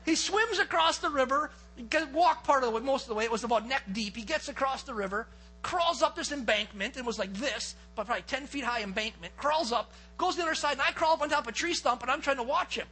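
Pastor, male, high and bright voice; animated storyteller mid-sermon. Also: quick pace, slightly rough, low-quality recording. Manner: lively storyteller, acts out quotes and gets excited. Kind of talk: sermon with a personal hunting story.

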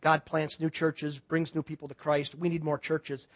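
Calm old pastor guy, as a preacher quotes him, soft and earnest, high voice. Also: normal speed, no room sound, muffled recording, close to an everyday voice. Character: calm older male church planter pastor.

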